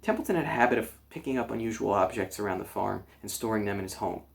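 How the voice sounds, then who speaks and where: A man reading a children's chapter book aloud, gentle storytelling with small slips. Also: fairly low pitch, fast talker, gravelly. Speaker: children's librarian reader.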